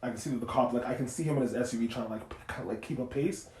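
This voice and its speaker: A man co-hosting a podcast, telling a story in animated, profane casual chat and acting out the quotes. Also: mid-range voice, racing. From Canada. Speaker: podcast co-host. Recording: roomy echoey room.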